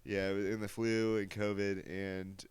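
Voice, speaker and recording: A man's voice: fairly low pitch, level tone, moderate pace, clean tone, dry recording. A man in his thirties co-hosting a casual podcast, laid-back and rambling. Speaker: podcast co-host. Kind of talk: casual chat.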